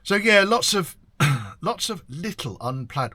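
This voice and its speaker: Man, older, bright husky voice, lively pitch, casual rambling workshop chat. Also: takes it slowly, dry recording. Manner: rambling, chatty, mild swearing, frequent ums. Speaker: classic car workshop owner and video host. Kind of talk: casual year-end chat to camera.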